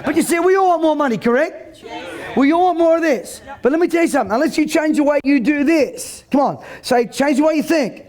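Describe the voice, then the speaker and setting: A man's voice: very high-pitched, animated, quick pace, darkish tone. A man giving a joking, brash motivational seminar to a live audience, stammering into restarts and ordering the crowd about. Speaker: motivational speaker. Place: event hall with live audience.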